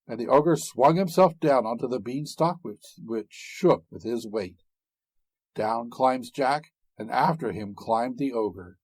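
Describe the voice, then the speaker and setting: A man narrating a fairy tale, expressive and dramatic in an unhurried way. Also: mid-range voice, husky, no echo. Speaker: storyteller.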